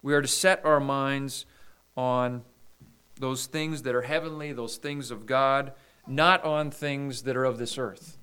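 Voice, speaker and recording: A man preaching a sermon, reading scripture aloud and explaining it in a measured way. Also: mid-range voice, fairly even intonation, bright, forceful tone, clear, resonant tone. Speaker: pastor.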